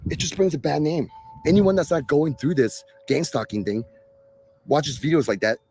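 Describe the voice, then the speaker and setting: A man's voice: fairly high pitch, normal speed, darkish tone, a little hiss or hum. A man hosting a live stream, talking casually to viewers in a sarcastic, exasperated rant. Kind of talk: ranting casual talk to viewers.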